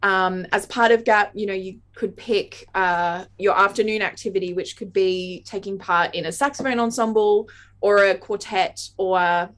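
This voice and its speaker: A woman's voice: mid-range voice, steady tone, moderate pace, fairly bright tone. An Australian woman in her thirties, a saxophonist guest chatting in an interview, talking in tumbling bursts and laughing often. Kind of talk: casual interview chat.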